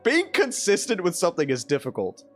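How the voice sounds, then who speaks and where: A streamer hosting a relaxed chat with a guest, reading viewer questions aloud and laughing often. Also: medium pitch, fairly quick, soft background music. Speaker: streamer host. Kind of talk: casual livestream chat.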